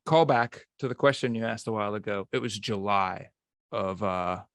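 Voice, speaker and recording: A man's voice: on the low side, normal speed, no room sound, studio quality. Rambling, chatty male podcast host. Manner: chatty and rambling, stumbles over words. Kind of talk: casual chat.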